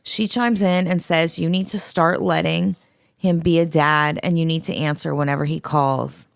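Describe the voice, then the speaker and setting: A woman's voice: low-pitched, steady tone, moderate pace, gravelly, no room sound, studio quality. A woman co-hosting a podcast, reading a listener's letter aloud in a blunt, profane, dramatic way.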